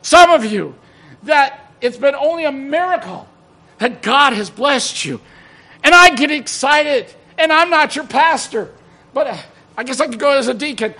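A man with a very high, bright voice preaches slowly and emotionally to a congregation in a church. He keeps exclaiming praise and breaks into sung hymn lines. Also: gravelly. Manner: exclaims praise, apologizes for excitement. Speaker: guest preacher. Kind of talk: sermon.

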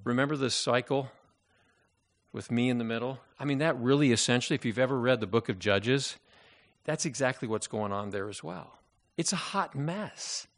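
A man preaching a sermon as pastor, reading scripture aloud and slowing down to stress key phrases. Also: medium pitch.

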